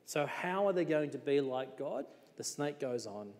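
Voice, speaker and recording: Preacher in an echoing hall. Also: male voice, medium pitch, lively intonation, normal speed, a little mellow. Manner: conversational, asks rhetorical questions. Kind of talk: sermon.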